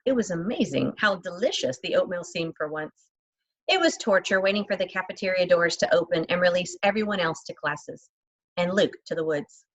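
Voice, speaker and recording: A woman reading a children's novel aloud, expressive, lightly voicing the characters and adding chatty asides to the listener. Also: mid-range voice, low-quality recording.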